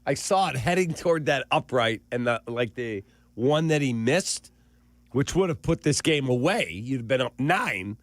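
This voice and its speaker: A man co-hosting a morning sports radio show, telling stories in lively casual talk. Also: medium pitch, moderate pace, no room sound. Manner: animated, storytelling with voiced asides. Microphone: studio microphone.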